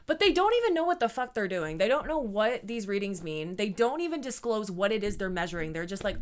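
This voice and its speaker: A woman's voice: mid-range voice, very animated, fairly quick, hardly any pauses. A young woman giving a blunt, sarcastic commentary, peppered with swearing and "like" fillers. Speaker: YouTuber. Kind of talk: casual commentary vlog.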